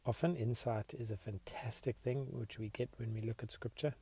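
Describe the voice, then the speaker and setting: A man hosting a podcast, leading listeners in a slow, reflective devotional meditation. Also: mid-range voice, steady tone, breathy edge. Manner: slow, reflective, soft-spoken. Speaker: podcast host.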